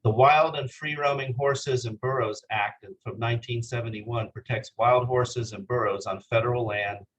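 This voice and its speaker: Male presenter at a legal seminar, mid-pitched voice, earnest, works through slides with some hesitation. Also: fairly even intonation, normal speed, few pauses, fairly bright tone, slight background noise, poor audio. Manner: earnest, with frequent hesitations and calls for the next slide. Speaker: continuing legal education presenter.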